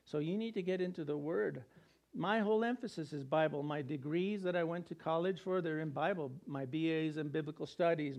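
A man's voice: a little high, a little mellow. A middle-aged male pastor from New Mexico preaching a sermon in a conversational way, repeating key words for emphasis.

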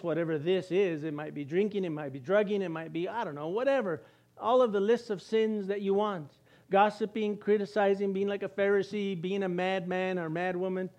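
A man with a notably high voice delivers a casual, lively sermon as a church pastor. He jokes along the way and briefly acts out the voices of the people he quotes. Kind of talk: conversational sermon.

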